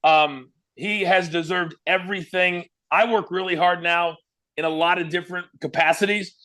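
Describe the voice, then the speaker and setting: A man from Kansas, a former wrestling broadcaster, telling animated stories as an interview guest. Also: high voice, moderate pace. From Kansas, USA. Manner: lively, animated storyteller. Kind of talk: storytelling interview.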